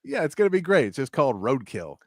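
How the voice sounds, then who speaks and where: A man's voice: mid-range voice, very animated, fast, no echo, clean studio sound. A Texan man hosting casual sports talk, telling stories chattily and laughing as he goes. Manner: chatty storyteller who laughs as he talks. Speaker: sports talk show host.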